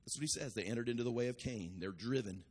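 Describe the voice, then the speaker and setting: Impassioned preacher in a reverberant hall. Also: male voice, mid-range voice, fast talker, breathy edge. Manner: impassioned, builds to shouted cries; repeats phrases, frequent restarts. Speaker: pastor. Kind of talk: preaching a sermon.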